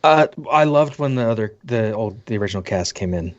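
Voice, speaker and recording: A man guest on a podcast, giving measured opinions in casual chat. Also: lowish voice, animated, no room sound, muffled recording.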